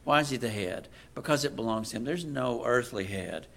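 A man preaching a sermon, moving from quiet asides to loud, emphatic readings of scripture. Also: medium pitch, lively intonation, a little fast, gravelly.

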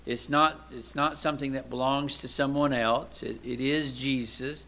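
A man preaching a sermon in a conversational way. He asks his listeners rhetorical questions and swings between loud emphatic lines and quiet low asides. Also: steady tone, moderate pace, vocal fry.

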